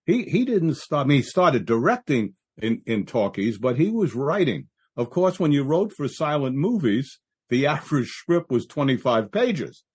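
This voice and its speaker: A man's voice: medium pitch, very animated, normal speed, husky. Enthusiastic man on a film podcast. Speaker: podcast co-host. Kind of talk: casual film discussion.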